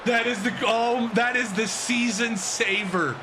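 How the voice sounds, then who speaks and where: A man giving excited play-by-play commentary on a football video game he is playing, shouting and laughing. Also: very high voice, unhurried, noisy background. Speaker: game streamer.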